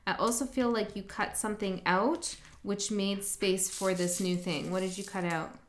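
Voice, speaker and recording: A woman's voice: mid-range voice, fairly even intonation, moderate pace. Chatty woman giving a tarot reading. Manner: chatty and upbeat, laughs often mid-sentence. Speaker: tarot reader. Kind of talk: casual tarot reading to camera.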